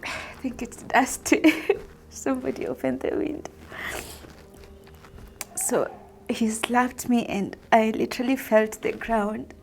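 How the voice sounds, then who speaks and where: A young woman with a Kenyan accent telling a personal testimony in a soft-spoken way, mixing English with Swahili. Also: a little high, fairly even intonation, takes it slowly, vocal fry, long pauses, faint music behind. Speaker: vlogger sharing a personal testimony.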